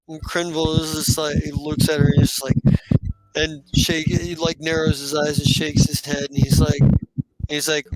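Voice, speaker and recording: Halting male game master. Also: a little high, little pitch movement, heavy background noise. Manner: halting, many restarts and fillers. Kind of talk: narrating a tabletop game.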